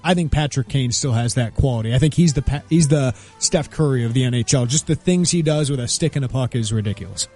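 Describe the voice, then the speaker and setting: A man co-hosting a casual sports talk show, brisk and opinionated, laughing easily at his partner's jokes. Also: medium pitch, darkish tone, faint music behind.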